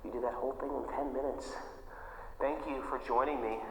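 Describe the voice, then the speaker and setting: A man's voice: medium pitch, steady tone, brisk, fairly bright tone, a little hiss or hum. A man guiding a yoga class with short cues, chatty and playful, joking about himself between poses. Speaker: yoga instructor. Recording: echoey room with long reverb, dull lo-fi sound.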